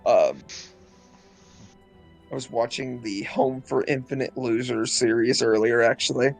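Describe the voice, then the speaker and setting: A man's voice: medium pitch, unhurried, creaky, faint music behind. Man running a tabletop game, lots of ums. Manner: rambling, lots of ums and uhs. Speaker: game master.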